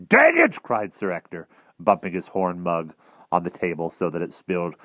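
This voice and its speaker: Low-voiced man reading a storybook aloud. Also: moderate pace, no room sound, narrow, tinny audio. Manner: expressive storytelling. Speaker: reader. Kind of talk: audiobook narration.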